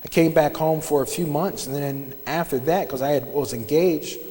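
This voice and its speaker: A middle-aged man shares a personal testimony from a church sanctuary, his speaking voice sitting a touch higher than most men's. He tells it plainly and conversationally, stopping and restarting as he gathers his words, while a long reverb from the large hall trails after him. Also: fairly even intonation, warm tone. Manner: conversational, halting storytelling with frequent restarts. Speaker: church member giving testimony.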